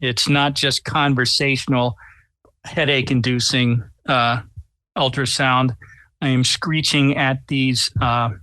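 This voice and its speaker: Male player, unhurried delivery, bright edge, dry close sound. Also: mid-range voice, no echo. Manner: deliberate, slow, wry. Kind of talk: describing his character's actions in a tabletop game.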